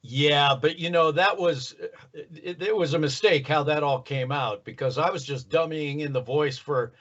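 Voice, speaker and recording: A man being interviewed about his voice work, telling stories in a relaxed, self-deprecating way. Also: fairly high pitch, normal speed, dull audio. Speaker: voice actor guest. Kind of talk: casual interview.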